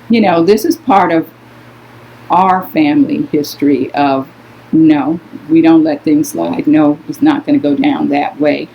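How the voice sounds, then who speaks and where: A woman's voice: deep voice, vocal fry, a little hiss or hum. An older woman telling stories in a casual conversation with her adult daughter, speaking in an emphatic, outspoken and indignant way. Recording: muffled lo-fi recording.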